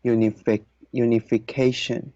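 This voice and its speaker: A woman's voice: rumbling low, little pitch movement, moderate pace, mellow, no room sound, lo-fi sound. A woman student reading words aloud in a tutoring session, answering hesitantly and briefly. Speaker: TOEFL student.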